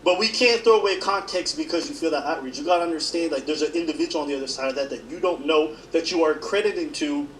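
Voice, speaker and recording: A man's voice: fairly high pitch, fast, few pauses, slight background noise. A man co-hosting a podcast, earnestly explaining his point in casual chat. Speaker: podcast co-host. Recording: echoey room with faint ambience.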